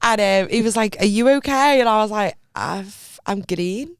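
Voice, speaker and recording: A young woman, co-hosting a podcast and telling a story with lively acted-out reactions. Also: fairly high pitch, quick pace, clear, resonant tone, no room sound, clean studio sound. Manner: animated storyteller, acts out her own reactions. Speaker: podcast co-host. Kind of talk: casual chat.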